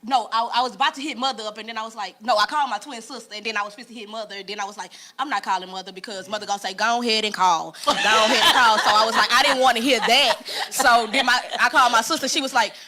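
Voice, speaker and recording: A woman's voice: fairly high pitch, very fast, few pauses. A woman, sharing a personal testimony in an earnest, conversational way. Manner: earnest storytelling, quotes people in lively voices. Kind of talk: casual church talk, personal story.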